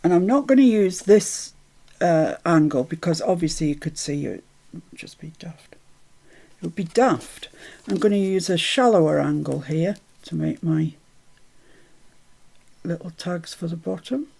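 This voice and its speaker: A woman hosts a relaxed crafting livestream in a gravelly, creaky voice. She murmurs her steps half to herself, then lifts her voice brightly to greet viewers in the chat. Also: fairly low pitch, unhurried, pauses often. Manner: chatty, greets viewers brightly, mutters to herself while working. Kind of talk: casual live chat while crafting.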